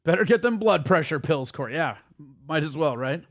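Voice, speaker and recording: A man hosting a casual livestream, ranting at his chat in a quick, profane and heated way. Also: on the high side, animated, no room sound, clean studio sound. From Italian heritage. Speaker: streamer host.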